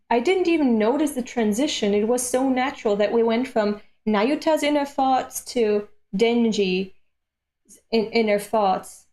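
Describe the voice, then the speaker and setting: A woman from Europe streaming a manga read-along, reacting aloud with animated, profane rants. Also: fairly high pitch. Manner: animated, swears freely, rants at the page.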